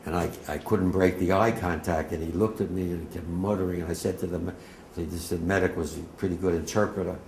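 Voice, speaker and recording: A man's voice: low voice, steady tone, fairly quick, darkish tone, slight background noise. A man, a war veteran giving emotional, vivid personal testimony to a class. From New Jersey, USA. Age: 80s. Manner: vivid, emotional storytelling with emphatic outbursts. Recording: echoey room.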